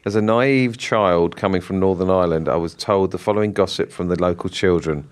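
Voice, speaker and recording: A man's voice: sits low, brisk. A man co-hosting a podcast, reading listener stories aloud with dry, sweary delivery. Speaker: podcast co-host.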